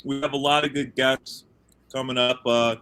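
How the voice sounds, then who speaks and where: A man's voice: mid-range voice, level tone, normal speed, pushed and bright, clear, resonant tone. A man co-hosting a comedy podcast, chatting in a wry, teasing, offhand way. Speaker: podcast co-host. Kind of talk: casual comedy chat.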